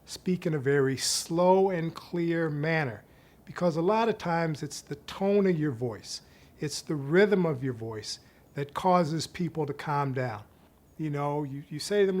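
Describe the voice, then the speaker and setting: Middle-aged male professor, slightly high pitch, calm explanatory teaching delivery. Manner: measured, explanatory, slows down to stress key points. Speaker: psychiatry professor. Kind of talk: instructional talk.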